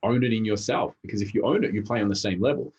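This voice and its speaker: A man talking as an interview guest, telling stories in a fast, animated way. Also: fairly low pitch, slightly rough, highs cut off. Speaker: interview guest, behavioural specialist. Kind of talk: casual interview talk.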